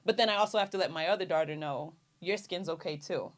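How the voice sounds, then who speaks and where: A woman's voice: lowish voice, fast. Chatty female podcast co-host. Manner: chatty, many fillers. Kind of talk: casual chat. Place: studio with cameras.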